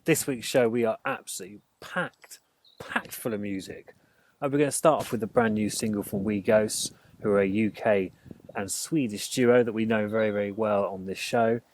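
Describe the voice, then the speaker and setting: A man's voice: on the low side, fairly even intonation, moderate pace, darkish tone, slight background noise. A man presenting a local radio music show in a chatty, self-deprecating way.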